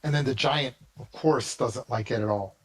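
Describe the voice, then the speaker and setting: A man's voice: mid-range voice, normal speed, rough recording. A man narrating and running a tabletop game as game master, talking casually with many restarts.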